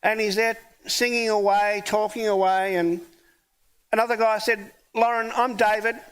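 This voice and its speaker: High-voiced pastor preaching a story. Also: male voice, steady tone, normal speed, a bit bright, clear, resonant tone. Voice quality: hard of hearing. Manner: storytelling, conversational, acts out dialogue. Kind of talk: sermon with personal story.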